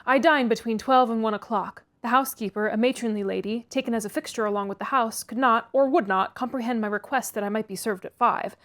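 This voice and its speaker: A woman's voice: a little high, quick pace, hardly any pauses, fairly bright tone. Chatty woman reading a novel aloud. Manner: chatty, laughs at own stumbles, comments between passages. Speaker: audiobook reader, read-aloud host.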